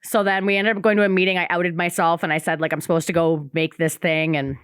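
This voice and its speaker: Low-voiced woman telling a candid story. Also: little pitch movement, fast talker, a bit bright, clear, resonant tone, no echo, studio quality. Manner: candid storyteller, swears freely, acts out quoted voices. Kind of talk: casual recovery podcast chat.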